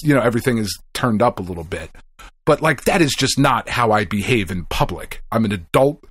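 A middle-aged man on a podcast, recorded close on a mic in a dry, dead room. His pitch swings widely as he spins a story, swearing freely and acting out the people in it. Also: lively intonation, a little fast, a bit bright, breathy edge, dry recording. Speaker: podcast co-host. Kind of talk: casual podcast chat.

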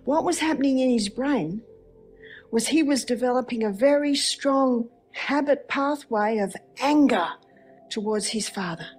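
A woman with a somewhat high voice gives a faith-based lecture. She speaks expressively, telling a story and asking rhetorical questions, with faint music behind her. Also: animated, a little slow, a little mellow.

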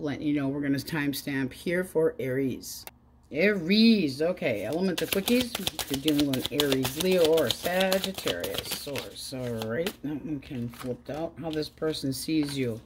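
A woman's voice: low-pitched, noisy background. Chatty middle-aged woman tarot reader. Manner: chatty, wry, swears freely. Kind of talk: casual rambling chat.

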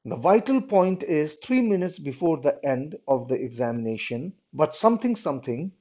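A man's voice: fairly high pitch, very animated, moderate pace, mellow. A man teaching a class, reading a story aloud and explaining it, often checking in with "all right". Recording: dull lo-fi recording.

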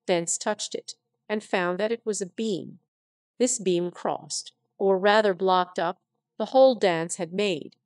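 A synthetic text-to-speech woman reading a classic novel aloud as narrator, with even delivery. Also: mid-range voice, takes it slowly, no room sound, studio quality.

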